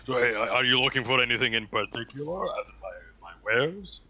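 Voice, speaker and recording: A man's voice: mid-range voice, animated, fairly quick, sharp tone, dull audio, a little hiss or hum. A man voicing a big, boisterous male minotaur merchant who laughs and blusters like a salesman. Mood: chatty.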